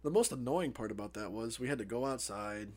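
A man's voice: medium pitch, expressive, brisk, darkish tone. A young man co-hosting a podcast, telling a story in a casual, profane, laughing way. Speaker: podcast co-host.

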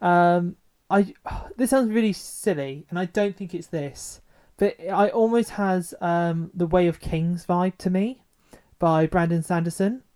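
A man's voice: sits high, measured pace, darkish tone, clear, resonant tone. A man co-hosting a podcast in casual chat, enthusiastic and teasing. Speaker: podcast co-host.

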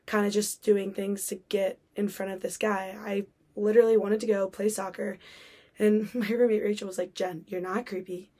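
A woman's voice: mid-range voice, fairly even intonation, fairly quick, mellow. A young woman hosting a podcast, telling a personal story in a chatty way with many fillers and acted-out quotes. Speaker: podcast host.

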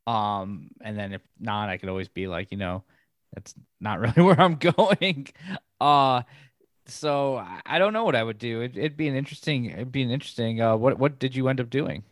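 A man's voice: mid-range voice, brisk, no room sound, studio quality. A man co-hosting a talk show, answering hesitantly with many fillers. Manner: hesitant, full of ums, laughs softly. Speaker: radio show co-host. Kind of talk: casual chat.

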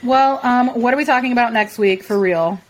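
A woman's voice: a little high, a little fast, slight background noise. A woman co-hosting a podcast in casual chat, playful and self-mocking, laughing often. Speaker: podcast co-host.

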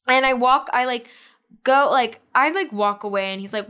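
A woman's voice: fairly high pitch, a little fast. A young woman as a podcast guest, telling a story in casual chat, full of "like" fillers and acting out what people said. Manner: animated retelling with many "like" fillers, acting out quotes.

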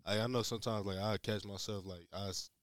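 Young man, very low voice, relaxed halting chat. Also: dry recording. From Memphis, USA. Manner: laid-back, halting, full of "like". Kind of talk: casual chat.

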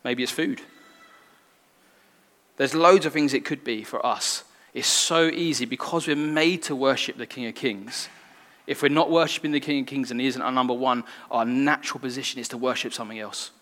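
A man's voice: mid-range voice, moderate pace, a bit bright. A man preaching a sermon in an earnest, conversational way that draws in the congregation. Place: church hall. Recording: long reverb in a hall.

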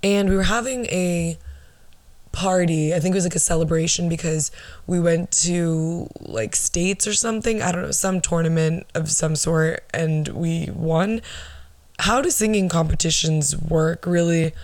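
Soft-voiced young woman, half hoarse. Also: unhurried, no room sound. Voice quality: soft, low alto voice. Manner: chatty, rambling with asides and laughs. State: losing her voice. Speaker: podcast host. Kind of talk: casual solo podcast storytelling.

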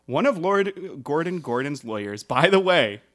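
A man's voice: fairly high pitch, sing-song, a little slow, a bit bright. A man hosting a casual podcast, telling a history story with jokes and asides.

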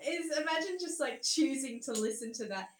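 A woman's voice: high voice, animated, brisk, slight background noise. A young woman co-hosting a podcast in casual chat, giggly and swearing, jumping between jokes. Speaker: podcast co-host. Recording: echoey room.

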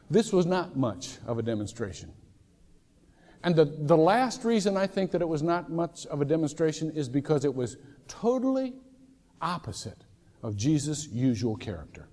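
A male pastor preaches in a relaxed, conversational manner, his pitch swinging widely as he tells stories. His voice sits a bit high for a man. A long church-hall echo trails every phrase. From Ohio, USA. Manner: conversational storytelling with sudden loud shouted impressions. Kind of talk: sermon. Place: large church sanctuary.

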